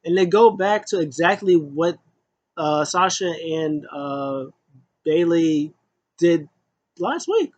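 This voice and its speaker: A man's voice: expressive, slow, lo-fi sound. A man casually recapping a wrestling show, rambling with lots of fillers and restarts. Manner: rambling, many fillers and restarts, acts out quotes in a high voice.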